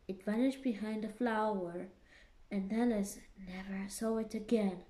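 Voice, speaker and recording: A woman reading a simplified children's story aloud, careful and deliberate, with a few small restarts. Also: on the high side, mellow, echoey room. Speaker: reader. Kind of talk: slow storybook read-aloud.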